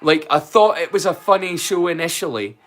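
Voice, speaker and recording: Chatty Scottish man, slightly high voice. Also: animated, a little fast, a bit bright, faint music behind. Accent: Scottish, mixed and borrowed. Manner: rambling and chatty, answers his chat directly. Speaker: live-stream host. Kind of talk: casual live-stream watch-along chat.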